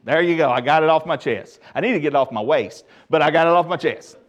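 A middle-aged man preaching a sermon as pastor, emphatic and lively with touches of humor. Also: on the high side, quick pace, lo-fi sound.

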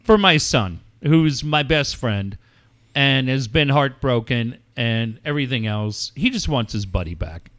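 A man's voice: medium pitch, lively intonation, measured pace, a bit bright. A middle-aged man hosting a radio show, telling a story casually and acting out phone calls in quoted voices.

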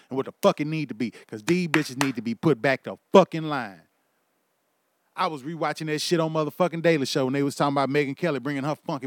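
A man's voice: a little high, no echo, clean studio sound. A man hosting his own show, delivering a heated, profane comedic rant. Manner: heated, profane, ranting with bursts of laughter. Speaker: podcast host.

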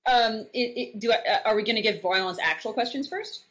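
A woman co-hosting a casual podcast chat, excitable and teasing. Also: fairly high pitch, brisk. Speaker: co-host.

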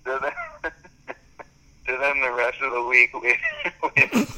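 A man's voice: mid-range voice, little pitch movement, measured pace, pauses often, sharp tone, poor audio. A young man in casual chat, rambling through stories with lots of "like" and frequent laughs. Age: young adult.

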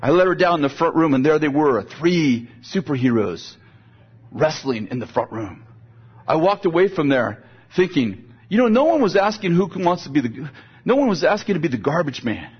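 Older male preacher, husky voice on a lo-fi recording, chatty sermon delivery with frequent repeats. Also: a little high, very animated, normal speed. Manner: conversational, repeats words while building a point. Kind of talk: sermon with storytelling. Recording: dull, lo-fi sound.

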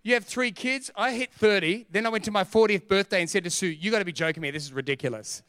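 High, bright-voiced preaching man. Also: fast, smooth, no room sound, studio quality. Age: middle-aged. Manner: energetic, joking, emphatic preaching. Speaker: pastor. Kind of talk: sermon.

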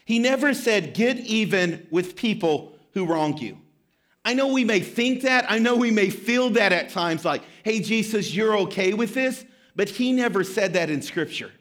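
This sermon comes from a thirtysomething pastor whose voice runs high. He spins lively stories that poke fun at himself, then moves into the scripture.

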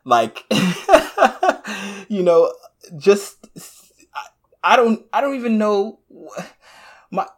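A man's voice: sits high, extremely slow, pauses often. A man co-hosting a podcast, chatting casually, laughing often and restarting his sentences. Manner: laughing, animated, stumbling restarts. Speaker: podcast co-host. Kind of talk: casual chat.

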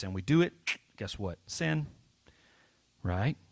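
A man giving a children's sermon as a pastor, lively and playful, often asking the kids questions. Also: mid-range voice, slow pace, vocal fry, no echo.

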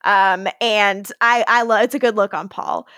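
A woman's voice: mid-range voice, fairly even intonation, measured pace, pushed and bright, no room sound, clean studio sound. A woman co-hosting a podcast, casually recapping a TV episode, laughing often and swearing freely.

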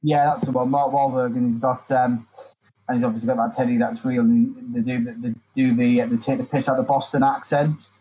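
A man from the UK chatting casually, often pausing and searching for words. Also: mid-range voice, level tone, dark tone, breathy edge, low-quality recording. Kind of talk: casual chat.

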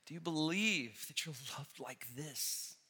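A man preaching a sermon as a pastor, impassioned, swinging from hushed, quiet passages to loud, ringing calls. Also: a little high, lively intonation, measured pace, husky. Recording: long reverb of a large hall.

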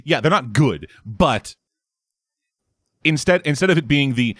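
A man's voice: mid-range voice, fairly quick, dry recording. A man in casual chat, bluntly and profanely tearing into a game. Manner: blunt, profane, animated critique.

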